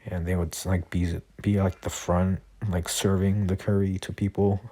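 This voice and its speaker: A man's voice: low-pitched, level tone, normal speed, dark tone, slightly rough. A man at home improvising a fan story, rambling, with many fillers and self-corrections. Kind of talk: improvised fan-fiction narration.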